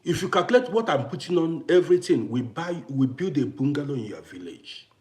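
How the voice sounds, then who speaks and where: Emphatic man with a lively, high voice. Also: a little fast, a little hiss or hum. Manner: emphatic, repetitive, challenging. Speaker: vlogger. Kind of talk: ranting to camera. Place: living in Austria.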